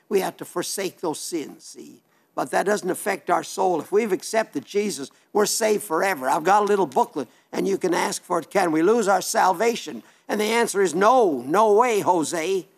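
An older radio preacher from South Dakota delivers a homely broadcast sermon, reading listener letters in a plainspoken, folksy, rambling way. His gravelly voice sits slightly high for a man, animated and at a moderate pace, and he often breaks off and restarts sentences.

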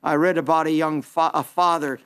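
A man preaching a sermon in an earnest, pleading way, drawing out his emphases slowly. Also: a little high, fairly even intonation, fairly bright tone, clean tone.

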